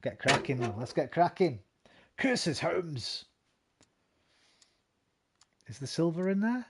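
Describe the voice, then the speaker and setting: A man's voice: fairly high pitch, big pitch swings, slow pace, a bit bright, a little hiss or hum. Chatty man streaming a game. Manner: chatty and jokey, reads text aloud and stumbles over words. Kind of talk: casual let's-play commentary, reading game text aloud.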